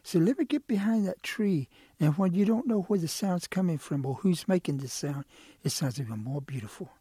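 A man voicing a sly, smooth-talking male quail who coaxes and wheedles in a folk tale. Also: high voice, animated, normal speed, dark tone, no echo, studio quality, voice pushed up. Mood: coaxing. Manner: coaxing, wheedling. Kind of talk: oral folk storytelling.

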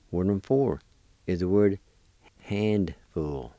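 A language teacher with a low, warm voice patiently spells and sounds out vocabulary words letter by letter in a slow lesson. He talks at a normal speed, and there's no room sound.

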